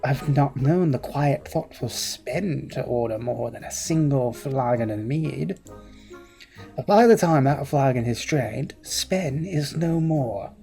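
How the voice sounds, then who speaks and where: A gamer voicing a gruff, foul-mouthed tavern keeper in a fantasy game, drawling insults in a put-on pirate-like accent. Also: medium pitch, lively intonation, slow pace, warm tone, faint music behind. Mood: blustering. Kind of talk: voice-acted game dialogue reading.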